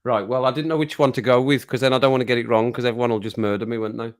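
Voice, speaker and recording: A man's voice: medium pitch, steady tone, rapid-fire, no room sound, clean studio sound. A man hosting a livestream, chatting casually, reading the chat aloud and laughing often. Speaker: livestream host.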